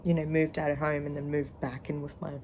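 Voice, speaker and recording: A young adult trans man telling personal stories in a candid, rambling vlog, pausing often. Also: fairly high pitch, flat delivery, a little mellow, a little hiss or hum, poor audio. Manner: candid, rambling, halting with frequent pauses. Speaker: vlogger.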